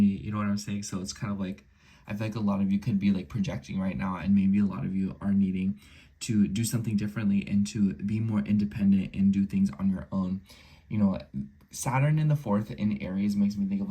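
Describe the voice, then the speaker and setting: Man, sick-ish, mellow and husky, loose chatty tarot reader who drifts into whispers. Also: lowish voice, fairly even intonation, brisk. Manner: rambling, many filler likes, slips into soft whispers. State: a little sick. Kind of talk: casual horoscope reading.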